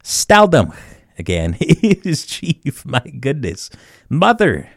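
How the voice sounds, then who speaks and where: A man hosting a community radio show, teaching words slowly and often chuckling at himself. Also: a little high, wildly swooping pitch, vocal fry, no echo, clean studio sound. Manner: chuckles often, slow deliberate word repetition. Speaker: radio host. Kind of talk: community radio language segment.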